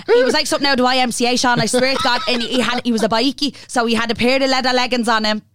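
A young Irish woman co-hosting a podcast, telling a story in a sweary, animated way and imitating the people in it. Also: on the high side, very fast, a little hiss or hum. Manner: sweary, animated, playful impressions of others. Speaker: podcast co-host. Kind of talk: casual storytelling chat.

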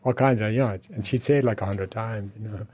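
A corner shop owner in his seventies from Galway, Ireland, is interviewed and reminisces in a conversational, storytelling way. His fairly low, slightly mellow voice has a breathy edge and moves at a quick pace. He rambles through his memories, full of "you know" and chuckles.

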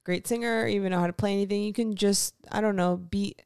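Crisp-voiced woman in casual podcast chat. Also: mid-range voice, steady tone, quick pace, a little mellow, no room sound, clean studio sound. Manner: laughs often, trails off mid-sentence. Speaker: podcast co-host.

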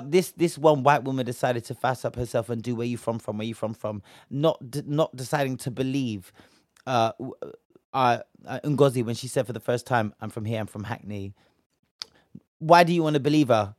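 A man's voice: mid-range voice, dry recording, clean studio sound. A young British man from Bristol giving a heated, slang-filled commentary rant, indignant and emphatic. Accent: British English. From Bristol, England.

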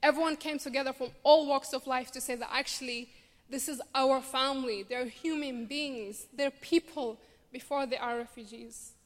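A refugee campaigner at a charity show, a Somali woman in her twenties with a Scottish accent, relates her own story from a theatre stage, earnestly and with dry humor. Her high voice holds a steady tone at a normal speed, and the hall's long reverb hangs over it.

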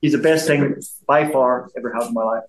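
This Belfast man in his fifties, a former boxer, speaks at medium pitch and a quick pace while guesting in a casual interview. He rambles, repeats himself and keeps restarting, and the rough recording comes from an echoey room.

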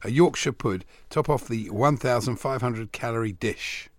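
A man's voice: mid-range voice, moderate pace, no room sound, studio quality. A man co-hosting a sports radio show, amused and laughing, reading out odd news stories. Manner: amused, laughs often, reads out news items. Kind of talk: casual radio banter. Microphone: studio microphone.

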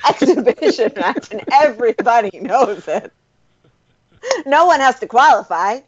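A woman's voice: a little high, animated, measured pace. A woman co-hosting in casual banter, playful and joking, laughing often. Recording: dull lo-fi sound.

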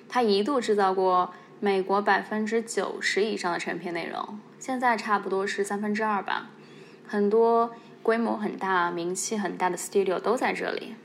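A woman hosts a podcast, talking her listeners through the subject in a relaxed, conversational way and dropping in playful asides. Her voice sits at a middle pitch, with a faint hiss behind it. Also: gravelly. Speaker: podcast host. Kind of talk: casual podcast narration.

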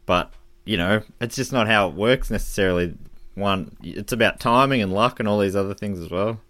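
A man's voice: lowish voice, a little fast, fairly bright tone, dry recording. A man co-hosting a casual podcast, musing aloud in a rambling way. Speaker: podcast co-host. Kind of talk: casual chat.

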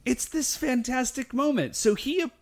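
A man co-hosting a casual chat, excitedly retelling an episode and acting out the characters' lines. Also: very high voice, measured pace. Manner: animated, acts out characters' lines while retelling. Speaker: podcast co-host. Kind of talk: casual chat recapping a show.

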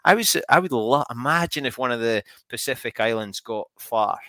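A man's voice: mid-range voice, lively intonation, moderate pace, bright, forceful tone, no echo. A Scottish man hosting a rugby chat show, asking questions in a friendly, chatty way. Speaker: podcast host. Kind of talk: casual chat.

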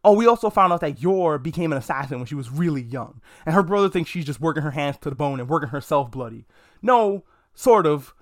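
A man with a slightly high voice talks alone on a casual review podcast. He is frank and joking, and he swears freely. His speech is easygoing and off the cuff. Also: lively intonation, fairly quick. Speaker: podcast host. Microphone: podcast mic.

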